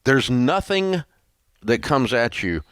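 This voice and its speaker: A man's voice: mid-range voice, sing-song, takes it slowly, clear, resonant tone, no room sound. A man hosting a talk show in a studio, talking in a blunt, folksy, rambling way. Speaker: radio show host. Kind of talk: casual talk show chat.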